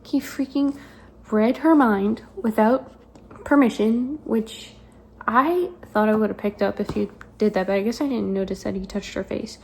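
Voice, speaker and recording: A woman's voice: mid-range voice, normal speed, creaky, a little mellow, poor audio. A young woman chatting in a casual reading vlog, gushing and rambling with lots of fillers. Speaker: book vlogger.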